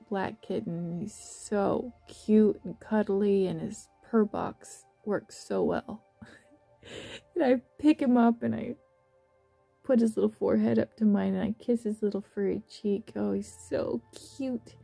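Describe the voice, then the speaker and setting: A woman narrating a guided visualization in a soft, slow, affectionate way, with gentle laughs. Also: medium pitch, gravelly, slightly rough, soft background music. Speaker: meditation guide.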